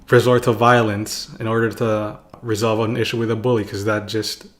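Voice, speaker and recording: Young guy vlogging, rambling story, lots of like and little laughs, average pitch. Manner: rambling, full of "like" and chuckles. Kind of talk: casual storytelling.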